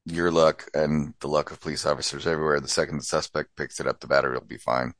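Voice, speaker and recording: A man's voice: extremely low pitch, flat delivery, fast, a bit bright, no room sound. A man hosting a podcast in casual chat, dropping dry wisecracks between short agreements.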